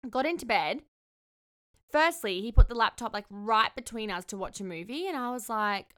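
A young woman telling a dating story in a candid, expressive way, swearing freely. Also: a little high, normal speed, clear, resonant tone. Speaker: vlogger. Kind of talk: casual storytelling.

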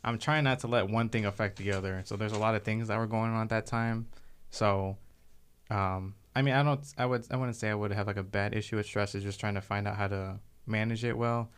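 Quick, smooth-voiced young man. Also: fairly low pitch, steady tone. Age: young adult. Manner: quick and earnest, many fillers. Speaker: guest. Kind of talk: casual chat.

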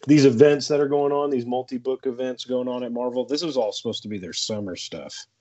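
A man co-hosting a podcast in relaxed casual chat, easygoing and reacting to the others. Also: medium pitch, a little fast, highs cut off. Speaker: podcast co-host.

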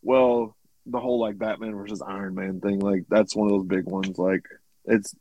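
Low-voiced man rambling casually. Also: level tone, moderate pace, a little mellow, lo-fi sound, a little hiss or hum. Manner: rambling, many likes and ums. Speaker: podcast host. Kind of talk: casual chat.

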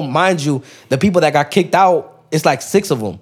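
A young man with a slightly high voice tells a story as a podcast guest. He talks in loose street slang, swears freely and drops into the voices of the people he quotes. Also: normal speed, hardly any pauses. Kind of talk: casual storytelling.

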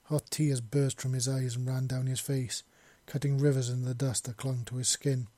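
Mellow-voiced man reading a war story. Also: mid-range voice, flat delivery, normal speed, dry recording. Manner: acts out dialogue, shouting in grief scenes. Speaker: narrator.

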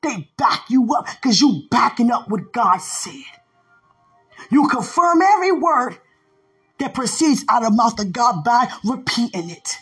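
A woman with a high voice preaches a fervent sermon, hammering home repeated refrains and at times breaking into shouts. Faint music plays underneath her. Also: big pitch swings, measured pace, slightly rough.

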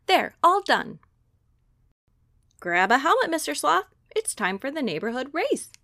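A woman voicing an impatient, energetic young girl who talks quickly and bossily. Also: high-pitched, gravelly, no echo, studio quality, pitched above the performer's own voice, full character voice. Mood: eager. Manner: quick, bossy, eager.

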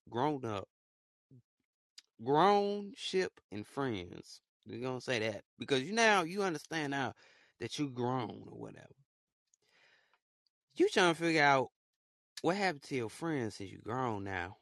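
A man's voice: mid-range voice, very animated, a little slow, pauses often, a bit bright, dry recording, studio quality. A young man hosting a casual solo podcast, talking in a rambling, repetitive, heartfelt way. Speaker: podcast host.

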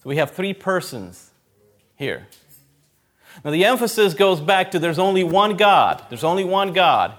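A man preaching a sermon, emphatic, often repeating key phrases and swinging between loud and quiet. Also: high voice, sing-song, measured pace.

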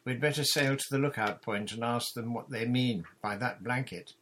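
A man's voice: mid-range voice, moderate pace, fairly bright tone, slight background noise, pitched above the performer's own voice, natural voice. A man doing a commanding boy captain. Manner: earnest, giving orders.

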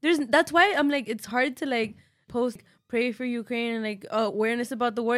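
A woman's voice: a little high, steady tone, fairly quick, a bit bright. A woman co-hosting a podcast, chatting casually, laughing often and swearing. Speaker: podcast co-host. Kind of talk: casual chat.

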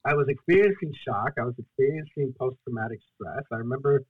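A young man from Guatemala, a storyteller and solo performer, telling his own story as a podcast guest in an earnest, halting way. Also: mid-range voice, breathy edge, dry recording, phone-quality sound. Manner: earnest, halting, acts out his own past pleas and quotes. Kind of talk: emotional personal storytelling in a podcast interview.

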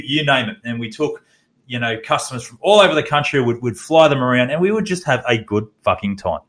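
A man's voice: medium pitch, a bit bright. A man in his thirties with an Australian accent, hosting a podcast and telling a candid personal story, swearing and restarting his sentences. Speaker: podcast host.

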